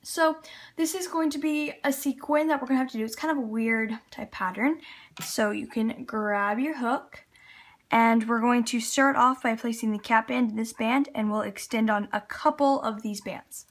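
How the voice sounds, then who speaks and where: A woman's voice: fairly high pitch, moderate pace. A woman hosting a craft tutorial from a table by a window at home, chatty and upbeat, with many fillers. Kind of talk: casual how-to narration.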